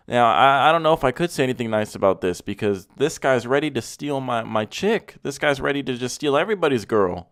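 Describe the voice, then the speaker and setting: A man's voice: medium pitch, fairly quick, smooth. A man giving casual comedic commentary on car mods, sarcastic and mock-complimenting, swearing freely.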